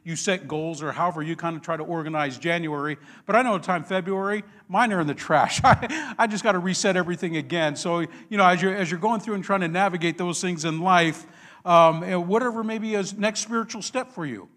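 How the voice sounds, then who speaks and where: Man, pastor, sermon, relaxed storytelling, slightly high voice. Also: fairly quick. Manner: conversational, warm storytelling with self-deprecating laughs.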